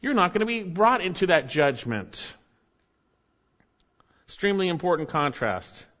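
A man preaching a sermon with earnest emphasis, often dropping his voice low and soft to stress a point. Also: very animated, a little slow. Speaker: pastor. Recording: dull sound with long hall reverb.

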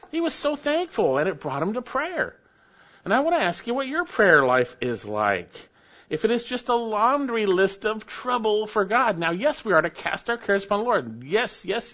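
A man's voice: high-pitched, fairly bright tone, highs cut off. A male pastor preaching a sermon verse by verse, quoting scripture and repeating key phrases. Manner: expository preaching with scripture quotes and repetition.

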